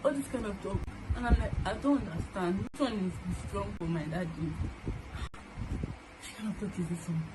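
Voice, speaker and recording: Earnest young Nigerian woman, noisy room. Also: medium pitch. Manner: halting and earnest, with many restarts. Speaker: vlogger telling a family story. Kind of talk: personal storytelling to camera.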